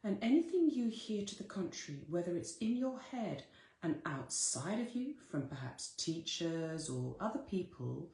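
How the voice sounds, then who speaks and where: Woman, mellow low voice, live-streamed motivational talk, repeats phrases, roomy echo. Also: big pitch swings, moderate pace. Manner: earnest, repeats key phrases, speaks directly to listeners. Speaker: spiritual coach.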